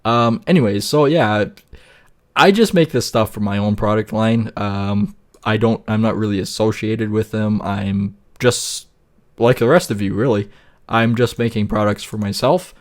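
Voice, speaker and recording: A man's voice: fairly low pitch, a little slow. A man talking casually through a screen-recorded tutorial, rambling, laughing often and swearing now and then. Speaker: YouTuber.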